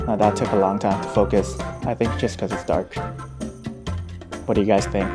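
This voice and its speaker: A man giving a casual, upbeat vlog review of a camera lens, talking in an excitable, slangy way. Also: mid-range voice.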